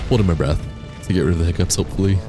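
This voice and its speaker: A man with a very low voice chats loosely with his viewers while he plays. Game music runs clearly under his talk. He sounds relaxed and unhurried as he reacts to the game and the chat. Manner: laid-back, reading and answering chat. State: has the hiccups. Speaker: streamer. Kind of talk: casual live-stream chat while gaming.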